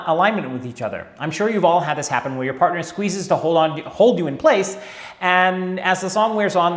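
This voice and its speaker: Guy teaching dance, chatty and wry, bouncy pitch, echoey room. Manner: chatty, wry, checks in with the viewer. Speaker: tango teacher. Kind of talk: instructional video talk.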